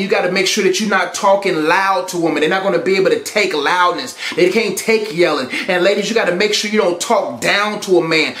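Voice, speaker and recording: Emphatic high-voiced man in echoey room. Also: a bit bright. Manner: emphatic and repetitive, preacherly. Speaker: relationship speaker. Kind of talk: motivational teaching talk. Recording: roomy echo.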